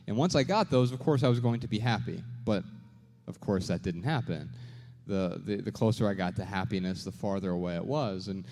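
A man's voice: on the low side, fairly quick, darkish tone. A man co-hosting a live podcast show, telling his story in an earnest, reflective way before an audience. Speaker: podcast co-host. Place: large venue with a live crowd. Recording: reverberant live venue.

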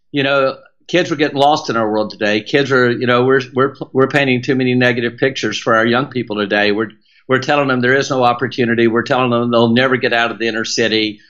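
A man's voice: medium pitch, a bit bright. Emphatic Southern man, slightly muffled. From American South. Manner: emphatic, preacher-like cadence with repetition. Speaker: motivational speaker, guest. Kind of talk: podcast interview.

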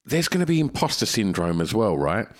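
A man's voice: fairly low pitch, sing-song, a little fast. A man co-hosting a casual podcast, asking questions and laughing along with the guest. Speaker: podcast co-host.

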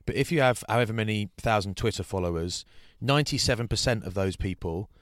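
A man's voice: on the low side, fast talker, no echo, studio quality. A man chatting casually on a podcast, rambling through a story and mimicking the people who tease him. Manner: chatty, rambling, does mocking voices for hecklers. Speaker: rugby broadcaster and podcast co-host. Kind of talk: casual chat.

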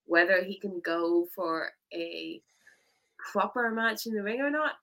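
Bright, enthusiastic woman co-host. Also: mid-range voice, expressive, measured pace, low-quality recording. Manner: enthusiastic, giggly, emphatic. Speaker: podcast co-host. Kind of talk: casual wrestling chat.

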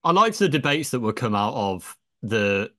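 A man co-hosting a casual podcast, speaking haltingly and often repeating words as he starts a thought. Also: medium pitch, sing-song, a bit bright, no echo, studio quality. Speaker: podcast co-host.

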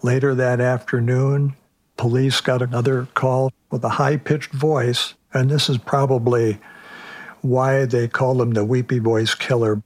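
A male prosecutor walks through the facts of a case in a measured, factual way. His mid-range voice is recorded close and dry, with no room sound. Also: mid-range voice, level tone, no echo. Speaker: prosecutor guest. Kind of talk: casual retelling of a case.

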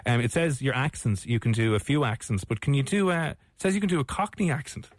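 A man's voice: mid-range voice, expressive, fast, dry recording, clean studio sound. A man with an Irish accent hosting a casual radio chat, joking and teasing his guests. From Ireland. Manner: jokey, teasing. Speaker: radio host.

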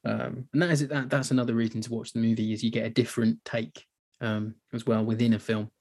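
A man's voice: medium pitch, flat delivery, fast, a little mellow. A man co-hosting a podcast, chatting casually about a film with rambling sentences and lots of fillers. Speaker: podcast co-host.

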